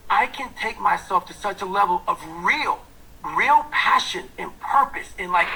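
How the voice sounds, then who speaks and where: A man delivers a fierce motivational talk in a gravelly, raspy voice with a tense, forceful edge. He is blunt and profane, jumping from loud, punchy lines to hushed, intense whispers. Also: high voice, rough recording. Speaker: motivational speaker.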